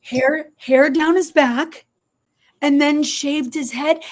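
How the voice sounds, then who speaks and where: A middle-aged woman, a podcast guest telling her story in an animated, expressive way. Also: high voice, slow. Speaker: podcast guest, barber shop owner. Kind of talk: storytelling interview.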